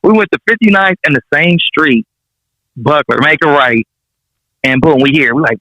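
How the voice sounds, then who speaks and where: Laid-back Los rapper telling stories. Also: male voice, a little high, normal speed, pushed and bright, no room sound. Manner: laid-back, slangy and profane, chuckling through anecdotes. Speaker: rapper guest. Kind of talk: casual storytelling interview. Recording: dull, dry sound.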